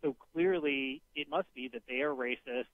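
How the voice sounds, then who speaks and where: A man, a guest on a political talk radio show, explaining his points in a measured way and often restarting phrases. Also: mid-range voice, no echo. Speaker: guest commentator. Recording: tinny phone line.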